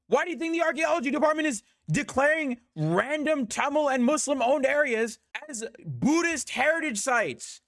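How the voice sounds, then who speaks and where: A man streaming a heated reaction, talking fast and repeating himself. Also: very high-pitched, a bit bright, dry recording, clean studio sound.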